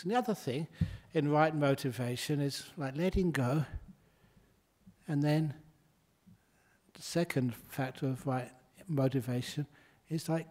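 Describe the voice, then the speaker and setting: A man's voice: a little high, darkish tone. A man, a Buddhist monk, giving a humorous dharma talk in a chatty way and laughing at his own stories.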